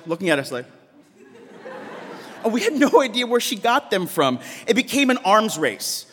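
Man storyteller with a slightly high voice, halting, repeats himself, in a long-reverb live hall. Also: a bit bright. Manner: halting, repeats words, laughs while telling.

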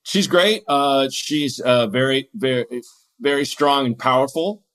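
A man's voice: medium pitch, measured pace, fairly bright tone, clean tone. A man in his forties, a comedian guest on a casual podcast, telling rambling, self-mocking stories and acting out the quotes.

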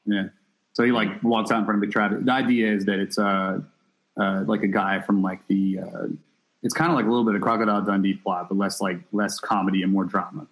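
A man co-hosting a podcast, talking quickly in a lowish voice. He rambles in loose, casual chat, dropping the odd curse word. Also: level tone, rough recording. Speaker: podcast co-host.

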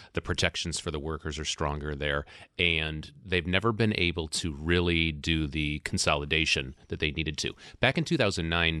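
A man, a news editor guest, explaining things in a measured, step-by-step way in a podcast interview. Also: very deep voice, pushed and bright, no room sound, clean studio sound. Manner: measured, explanatory, recounts history.

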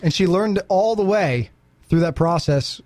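A man's voice: high-pitched, expressive, unhurried, a little mellow, dry recording. A man hosting a morning radio show in a studio, teasing his co-host and cracking jokes. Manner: teasing, joking. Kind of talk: casual morning radio banter. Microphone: studio microphone.

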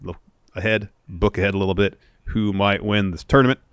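Male podcast co-host, lowish voice, dry close sound, steady blow-by-blow recapper. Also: a little fast, smooth, no echo. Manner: steady play-by-play recap of matches. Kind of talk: casual show review chat.

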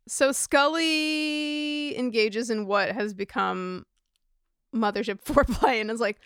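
A woman's voice: fairly high pitch, slow pace, fairly bright tone, clear, resonant tone, no echo. Wry woman podcast co-host. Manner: wry asides and dry corrections. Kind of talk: casual chat.

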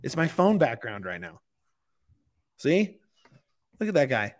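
A man's voice: medium pitch, sing-song, measured pace. A man co-hosting a sports podcast, reading a sponsor ad in a casual, giggly, enthusiastic way. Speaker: podcast co-host. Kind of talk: casual ad read.

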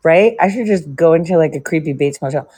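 A woman's voice: sits low, a little fast, mellow, husky. A woman hosting a livestream, chatting casually and rambling between stories, swearing freely. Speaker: livestream host. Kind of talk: casual chat with a co-host.

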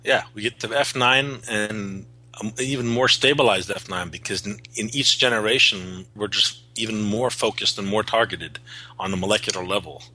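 A man's voice: on the low side, moderate pace, sharp tone, poor audio. A man being interviewed as a guest, explaining his work in an earnest way with frequent restarts. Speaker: guest, cannabis seed breeder. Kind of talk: podcast interview.

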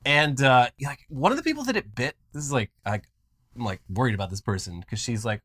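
Bright, lively man ranting in mock outrage. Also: medium pitch, fairly quick. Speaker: podcast co-host. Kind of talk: casual comedic news banter.

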